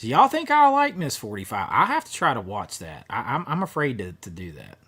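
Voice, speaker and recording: This livestream host has a mid-range, husky voice with huge pitch swings and a sharp tone, and he speaks briskly. He chats casually with viewers during a horror movie stream, reading their comments and rambling through fillers and restarts.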